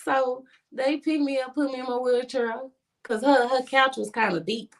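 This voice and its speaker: Podcast guest, woman with a bright high voice, lively storyteller who plays every part in her tale. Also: normal speed, gravelly. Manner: animated, swings pitch to act out friends' lines. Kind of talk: casual storytelling.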